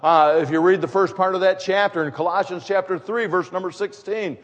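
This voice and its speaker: A man's voice: high voice, steady tone, a little fast, dull audio. A man preaching a sermon as pastor, talking in a conversational way and wandering into humorous asides. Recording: long hall reverb.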